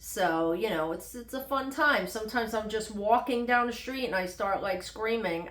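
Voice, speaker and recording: A woman's voice: mid-range voice, moderate pace, a bit bright. Middle-aged lady rambling on about her week, jokes at herself, roomy echo. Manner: rambling, chatty, self-deprecating humor. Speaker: vlogger. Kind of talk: casual unedited health update vlog. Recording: echoey room.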